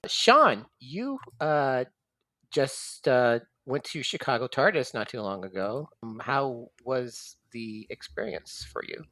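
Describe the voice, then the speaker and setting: A man hosting a casual podcast, talking bluntly with casual swearing and plenty of halting restarts. His pitch moves a lot, and the recording is dry and close. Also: animated, a bit bright, dry recording. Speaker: podcast host.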